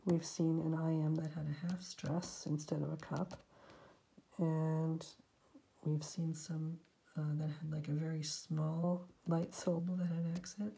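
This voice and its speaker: A middle-aged woman teaching poetic meter in a relaxed, casual lesson, talking through her markings and now and then dropping to a whisper. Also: low voice, a little slow, creaky, poor audio. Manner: relaxed, talks aloud while marking a poem, sometimes drops to a whisper. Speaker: poetry teacher.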